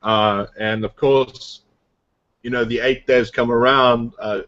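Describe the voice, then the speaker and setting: A man's voice: mid-range voice, fairly even intonation, slow pace, fairly bright tone, highs cut off. A man casually coaching a group about his online business, rambling with lots of fillers and restarts. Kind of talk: casual motivational talk on a group video call.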